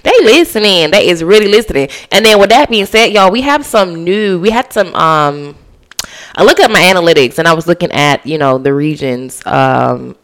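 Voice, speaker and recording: A podcast host from the Bahamas in a casual solo chat, slangy and animated, talking straight to listeners. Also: mid-range voice, normal speed.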